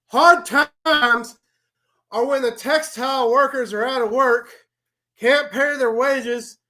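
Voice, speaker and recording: A man's voice: very high voice, fairly even intonation, bright, forceful tone, voice pushed up, full character voice. A man doing a fiery old-school wrestler's promo. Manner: impassioned, preaching, drawn-out emphasis.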